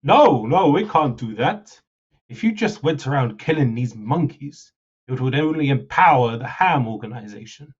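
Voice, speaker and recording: A man reading the lines of a troubled male ruler in a game, earnest and measured. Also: medium pitch, expressive, slightly rough, dull audio. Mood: worried. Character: troubled male ruler worried for his citizens.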